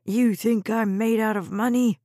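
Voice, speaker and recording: A woman's voice: a little high, steady tone, a little slow, dark tone, no room sound, studio quality. A woman doing a bellowing, bitter stepfather. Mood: angry scorn. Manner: bellowing, mocking. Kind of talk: audiobook character reading.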